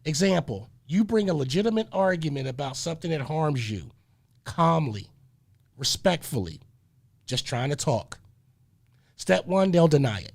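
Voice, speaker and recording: This man hosts community radio in a high, gravelly, slightly mellow voice with lively intonation, speaking at normal speed and pausing often. He preaches, repeats phrases, and breaks off with hold on, wait a minute.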